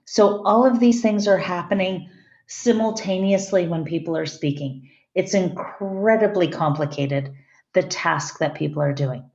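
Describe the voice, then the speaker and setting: A woman's voice: fairly low pitch, a little slow, darkish tone. Middle-aged woman lecturing a class, conversational, keeps asking the room stuff, lo-fi muffled sound. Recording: echoey, dull lo-fi room recording.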